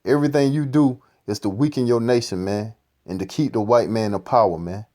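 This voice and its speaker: Male preacher commenting on a clip, ranting and profane, mid-pitched. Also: fairly quick, warm tone. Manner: ranting, profane, repeats "man".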